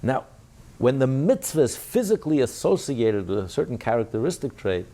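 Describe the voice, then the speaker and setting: A man's voice: medium pitch, sing-song, moderate pace, mellow. A man teaching a rabbinic class, asking and answering his own questions and voicing God's words in the first person with rising emphasis. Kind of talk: Torah class lecture.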